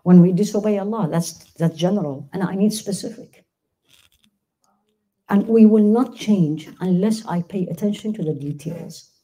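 Woman, religious class teacher, very dark tone, husky, emphatic, quizzes the class. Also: medium pitch, normal speed. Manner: asks the class questions, emphatic, recites verses. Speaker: Quran teacher.

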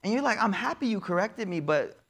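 Lively storytelling male preacher. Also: high-pitched, brisk, slightly rough. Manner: lively, acts out the quoted figures, uses casual slang. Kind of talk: storytelling sermon.

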